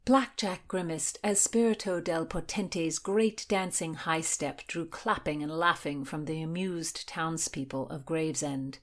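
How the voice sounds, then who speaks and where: A woman's voice: sits low, measured pace, hardly any pauses. Woman narrating a historical story. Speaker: podcast storyteller. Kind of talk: scripted narration.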